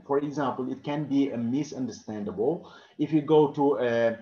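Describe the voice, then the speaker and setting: A man's voice: medium pitch, dark tone. Teacher, male, non-native English speaker, models each word twice, dull recording in an echoey room. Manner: repeats words slowly to model them. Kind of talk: classroom lesson. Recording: roomy, dull-sounding classroom recording.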